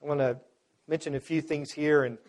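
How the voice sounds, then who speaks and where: A man preaching a sermon from the pulpit, his fairly high voice earnest and steady. He stresses his points by repeating and stacking phrases, speaking as a pastor to his congregation. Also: a little fast. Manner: earnest preaching with emphatic repetition.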